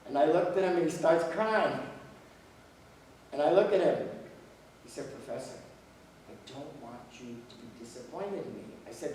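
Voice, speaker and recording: A man's voice: a little high, expressive, normal speed, a little mellow, slight background noise. Older male lecturer, folksy storyteller, distant mic in a very echoey room. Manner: folksy anecdotal storytelling with quoted dialogue. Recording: echoey hall, voice from far off.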